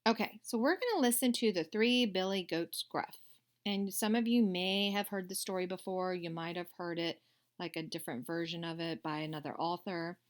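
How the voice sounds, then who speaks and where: A woman teacher giving a recorded lesson to young children, patient and unhurried with occasional hesitations. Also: fairly low pitch.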